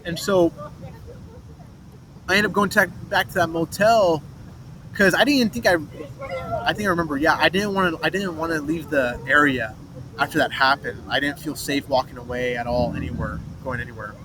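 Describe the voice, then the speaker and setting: A man's voice: on the high side, moderate pace. A young man rambling through a personal story, swearing and restarting often. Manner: rambling, restarts, swears, mimics others' voices in quotes. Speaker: vlogger telling a personal story. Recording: noisy street, traffic behind.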